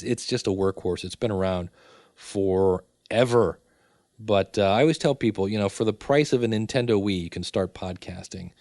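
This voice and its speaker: A man's voice: on the low side, darkish tone, no echo. Dry-voiced man demonstrating podcast gear. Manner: conversational, testing gear aloud. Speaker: podcast teacher. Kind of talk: casual demonstration.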